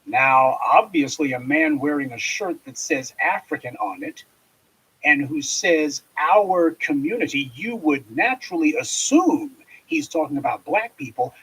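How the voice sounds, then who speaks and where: A man delivering a forceful, scornful political commentary monologue, lecturing his listeners. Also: a little high, sing-song, measured pace, husky, poor audio.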